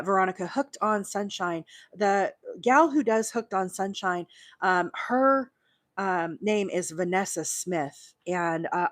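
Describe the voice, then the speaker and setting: A woman's voice: medium pitch, no echo, studio quality. A woman hosting a live crochet stream, chatting with many fillers and counting stitches aloud as she works. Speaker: crochet host.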